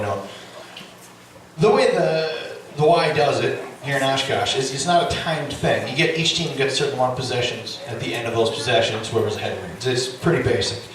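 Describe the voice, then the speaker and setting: A middle-aged man doing stand-up storytelling, animated and profane, with loud yelling bursts. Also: medium pitch. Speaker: stand-up comedian. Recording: echoey club, distant mic, audience. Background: audience laughter.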